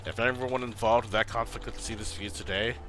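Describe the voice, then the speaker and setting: A man's voice: medium pitch, fairly even intonation, fast, a bit bright, natural voice. A man voicing a weary, reflective middle-aged ex-gangster, reading game dialogue aloud in a subdued, thoughtful way.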